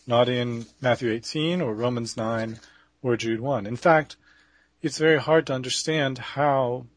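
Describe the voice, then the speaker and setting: A man giving a debate rebuttal, speaking off the cuff with many pauses, fillers and restarts. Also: medium pitch.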